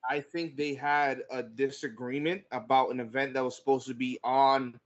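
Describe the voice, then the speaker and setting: A man's voice: mid-range voice, steady tone, moderate pace. A man co-hosting a wrestling podcast, recapping shows in a laid-back, casual way. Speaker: podcast co-host. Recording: dull lo-fi audio.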